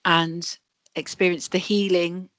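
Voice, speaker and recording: A woman guest on a video call interview, calmly explaining energy healing. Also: fairly low pitch, slow pace. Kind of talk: interview answers.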